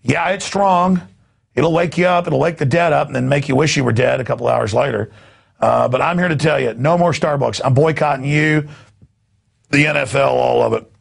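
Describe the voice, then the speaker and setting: A man hosting a news talk show, ranting in an indignant, sarcastic tone. His voice is deeply gravelly and husky and sits a little high for a man. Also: normal speed. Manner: indignant, sarcastic, repeats himself.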